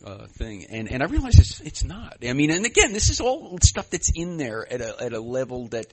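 A man giving a personal share at a recovery meeting, rambling and self-deprecating, with many fillers and sudden loud bursts. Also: fairly high pitch, sing-song, a little fast, slightly rough. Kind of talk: personal share, conversational storytelling.

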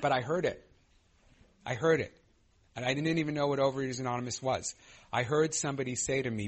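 A man's voice: mid-range voice, breathy edge. Candid man sharing his recovery story. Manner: candid, self-mocking, many fillers and restarts. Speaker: recovery meeting speaker. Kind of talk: personal testimony share.

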